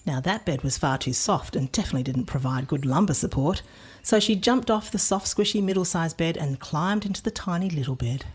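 A woman narrating a children's storybook in a playful, expressive way. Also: low-pitched, brisk, slightly rough.

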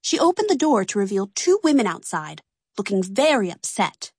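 A woman reading a children's storybook aloud in an animated, playful way. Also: medium pitch, normal speed, husky, no room sound, studio quality. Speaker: narrator. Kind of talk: scripted storybook narration.

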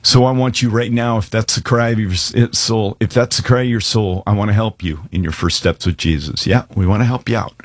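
Male pastor, low husky voice, dry close sound, earnest casual preaching. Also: fairly quick, dry recording. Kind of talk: sermon with altar call.

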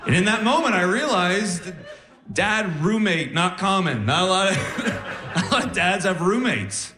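A young man performing stand-up comedy on a club stage, animated and jumping into squeaky voices for punchlines. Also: normal speed, slight background noise. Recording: roomy club sound with crowd laughter.

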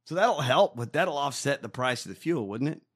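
A man's voice: mid-range voice, lively intonation, fairly quick, fairly bright tone, husky. A man co-hosting a casual chat show, ranting in mock outrage and swearing often. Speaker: podcast co-host. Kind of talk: profane comedic rant.

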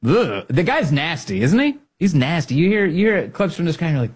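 A man hosting a political podcast, mocking and animated, often laughing at what he plays. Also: fairly high pitch, a little fast, breathy edge. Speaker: podcast host. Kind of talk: political commentary.

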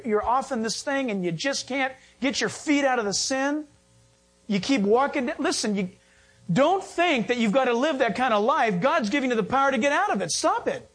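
Husky, high-voiced preaching man. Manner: animated preaching, acts out quotes, jokes and laughs. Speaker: pastor. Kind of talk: sermon.

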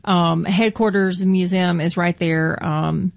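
A woman's voice: lowish voice, steady tone, a little slow, gravelly. A woman hosting a casual radio interview, asking chatty, friendly questions. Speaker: radio show host.

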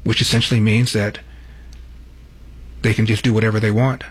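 A man's voice: lowish voice, flat delivery, moderate pace, slightly rough. A man hosting a political commentary show, introducing numbered clips with a pointed, emphatic delivery. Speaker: host.

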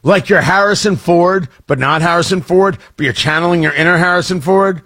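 Wry, joking radio host. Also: male voice, high voice, brisk, hardly any pauses, a bit bright, breathy edge. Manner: wry, joking, self-interrupting. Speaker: radio talk show host. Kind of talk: casual morning radio chat. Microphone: studio microphone.

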